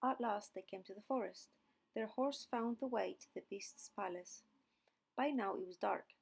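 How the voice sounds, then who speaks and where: A woman narrating a fairy tale slowly and clearly for English learners. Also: medium pitch. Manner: slow, deliberate reading. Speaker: audiobook narrator.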